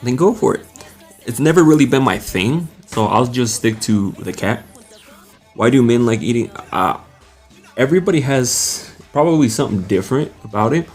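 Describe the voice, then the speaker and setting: A man's voice: medium pitch, lively intonation, normal speed, a little mellow, faint music behind. Laid-back man chatting on a live stream. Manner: greets viewers by name, laughs often, reads comments aloud. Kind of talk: casual live chat.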